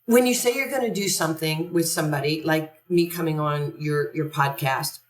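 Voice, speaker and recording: An older woman with a very low voice tells her story as a podcast guest, animated and long-winded. She sits away from the microphone in an echoey room. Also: normal speed. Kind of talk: conversational storytelling. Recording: echoey room, distant from the mic.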